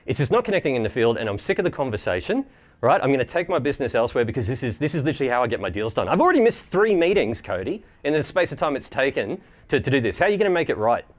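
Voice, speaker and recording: A man's voice: on the high side, very animated, moderate pace. A man playing a fed-up Australian phone customer. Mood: exasperated. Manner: exasperated, repeats himself, calls the agent "mate". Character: irate male phone customer, impatient and fed up.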